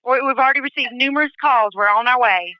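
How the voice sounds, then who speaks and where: 911 dispatcher lady, calm n reassuring, highish voice, dry muffled line. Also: fast talker, clear, resonant tone, no room sound. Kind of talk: emergency phone call. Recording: dry muffled phone call recording.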